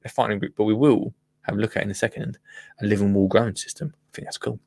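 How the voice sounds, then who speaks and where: A man hosting a live gardening phone-in show, chatting casually and rambling excitedly with listeners. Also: fairly low pitch, quick pace, gravelly. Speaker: gardening podcast host.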